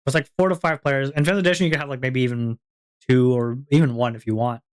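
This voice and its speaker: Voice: mid-range voice, fairly even intonation, quick pace. Giggly, rambling streamer. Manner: rambling, giggly, lots of fillers. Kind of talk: casual stream chat.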